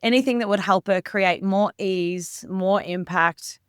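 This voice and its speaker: A woman's voice: medium pitch, measured pace, clean tone, no echo, clean studio sound. Affirming woman host. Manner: warm, affirming, gently rambling questions. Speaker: podcast host. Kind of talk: interview conversation.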